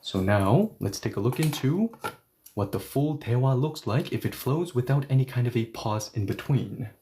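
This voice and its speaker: Dark-voiced male language teacher. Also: medium pitch, lively intonation, normal speed, slight background noise. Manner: emphatic, repeats words for stress, acts out little dialogues. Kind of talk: explanatory online lesson.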